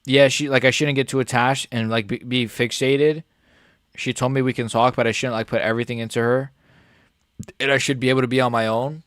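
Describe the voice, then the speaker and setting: A young man streaming a live MMA reaction, excitable and swearing, calling everyone "bro" and swinging between shouted outrage and quiet muttering. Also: medium pitch, brisk, dry recording, clean studio sound. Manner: excitable, swears a lot, says "bro" often. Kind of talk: live fight reaction commentary.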